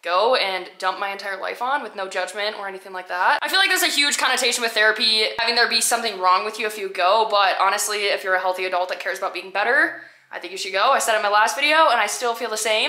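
A young fitness vlogger talks to camera after a workout, first outside a gym and then at home, upbeat and chatty with plenty of "super" and "like." Her medium-pitched voice comes quick, pushed and bright. The recording is low quality, with no echo.

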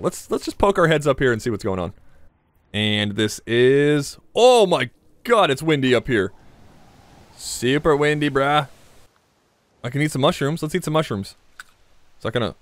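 Young guy doing horror game commentary, kinda high voice, jokey, swears when stuff jumps out. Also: no room sound. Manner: joking, talks to the viewers, swears, startles easily. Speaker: gaming channel host. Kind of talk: survival horror let's play commentary.

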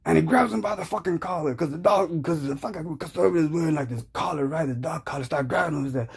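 A man's voice: on the high side, fast, creaky, few pauses, slightly rough. A man telling a crude comic story in a profane, rambling, slangy way. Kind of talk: crude comedic storytelling rant.

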